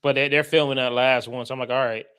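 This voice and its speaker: A man co-hosting a casual podcast chat, loud and excitable, swearing freely. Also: medium pitch, fast talker, clean tone. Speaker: podcast co-host.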